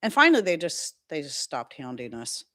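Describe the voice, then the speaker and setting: A woman's voice: deep voice, very animated, fairly quick, pushed and bright. A middle-aged woman chatting casually on her livestream, rambling from one story to the next and reading out viewer comments. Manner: chatty, rambling, reads chat comments aloud. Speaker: livestream host.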